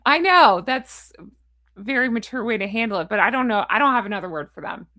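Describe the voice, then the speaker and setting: A woman's voice: a little high, expressive, normal speed, bright, forceful tone, no room sound, clean studio sound. A woman vlogger in casual chat to camera, frustrated, blunt and ranting, with a chatty, rambling sign-off. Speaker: royal commentary vlogger.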